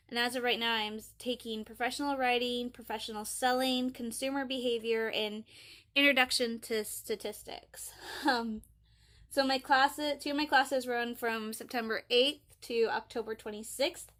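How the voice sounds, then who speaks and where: A young woman, a college student, rambles chattily through a casual diary vlog, retelling conversations. Her voice sits a little high and has a sharp tone.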